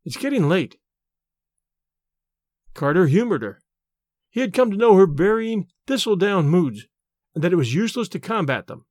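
Expressive man narrating an audiobook. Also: sits high, fairly quick, dry recording, studio quality. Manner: expressive, storytelling.

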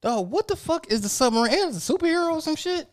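A man's voice: very high voice, lively intonation, fast talker. A man co-hosting a casual podcast, blunt, profane and joking. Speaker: podcast co-host.

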